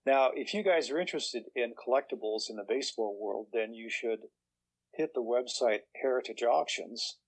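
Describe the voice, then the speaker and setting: A man's voice: medium pitch, moderate pace, husky, poor audio. Older man telling stories. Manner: chatty, acts out quoted voices, chuckles through punchlines. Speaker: guest author. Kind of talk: relaxed anecdotal storytelling.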